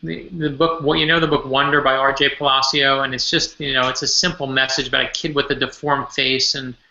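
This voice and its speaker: A man's voice: medium pitch, flat delivery, brisk, vocal fry, pushed and bright. A man, an author appearing as a guest from his home office over a remote call, telling personal stories earnestly, with stumbling restarts. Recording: echoey lo-fi remote audio.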